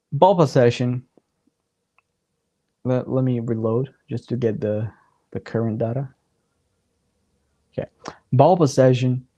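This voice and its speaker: Slow-talking hoarse man commentating a match. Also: medium pitch, warm tone, no echo. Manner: rambling, chatty, counts out standings aloud. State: voice going hoarse. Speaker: watchalong streamer. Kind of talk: casual live match commentary.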